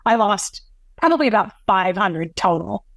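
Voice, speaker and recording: A woman's voice: mid-range voice, expressive, creaky, a bit bright, no room sound. Earnest woman telling a painful story. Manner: earnest, halting, full of restarts and quoted dialogue. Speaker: podcast guest. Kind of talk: emotional personal storytelling.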